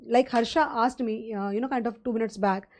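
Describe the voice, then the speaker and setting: Indian woman, finance lecturer, live online class, conversational rambling, fairly high voice, warm and mellow. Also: steady tone, fairly quick. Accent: Indian English. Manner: conversational, rambling teaching with fillers and rhetorical questions.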